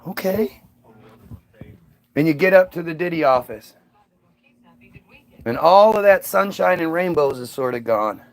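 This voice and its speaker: A man's voice: fairly high pitch, animated, normal speed, long pauses, no room sound. A male comedian telling a rambling, profane story that casts the listener as "you.". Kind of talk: stand-up storytelling.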